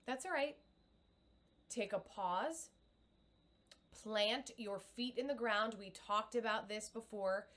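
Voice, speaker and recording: A woman's voice: fairly high pitch, takes it slowly, pauses often, fairly bright tone. A middle-aged woman and communication coach, giving an upbeat, encouraging live video lesson with demonstrations.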